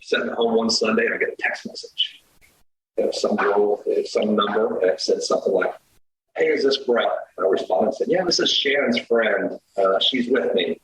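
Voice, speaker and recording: A middle-aged man telling a dating story as a podcast guest, animated, swearing and acting out the quoted lines. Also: on the low side, moderate pace, echoey room, a little hiss or hum, poor audio. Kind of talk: casual storytelling.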